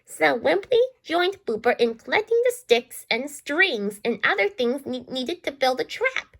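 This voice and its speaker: A woman reads a children's storybook aloud in a high, lively voice. She trips and restarts often, repeating words as she goes, with a gravelly catch in her tone. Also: measured pace. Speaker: storybook reader. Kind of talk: reading a children's book aloud.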